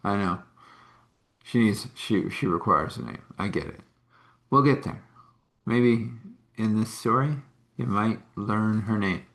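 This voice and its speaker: A man's voice: on the low side, slow, long pauses, a bit bright. A man hosting a live meditation talk and storytelling session, speaking in a rambling, chatty way. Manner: rambling and chatty, with laughs and apologies for yawning. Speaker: spiritual healer and host.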